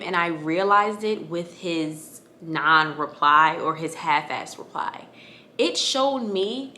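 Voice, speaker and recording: A young woman in her twenties speaking straight to her viewers, casual and emotional, full of fillers. Her voice sits at a middle pitch for a woman. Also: pushed and bright. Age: 20s. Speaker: vlogger. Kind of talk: personal storytelling to the camera.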